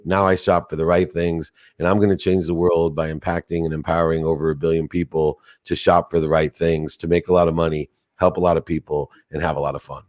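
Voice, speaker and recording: A man in his forties with a very low voice tells a personal story with intensity. He builds up and falls back with the emotion and chokes up at moments. The sound is close and dry. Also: flat delivery, brisk, hardly any pauses, a little mellow, dry recording. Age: 40s. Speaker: podcast guest.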